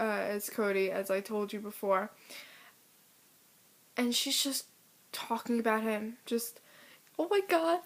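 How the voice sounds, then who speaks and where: A teenage girl vlogging to camera, venting with exasperated indignation. Her voice sits fairly high, and she takes her time, drawing words out slowly as she builds her complaint. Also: a bit bright. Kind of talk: casual ranting to camera.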